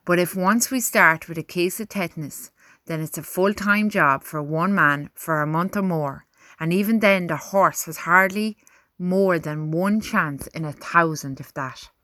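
A woman voicing a calm, commanding middle-aged army major. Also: on the high side, no room sound, clean studio sound. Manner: measured, commanding.

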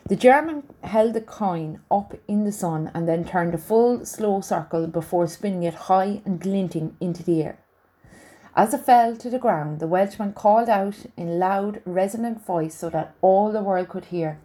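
A woman reading a novel aloud in a steady, unhurried way. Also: mid-range voice. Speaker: storyteller.

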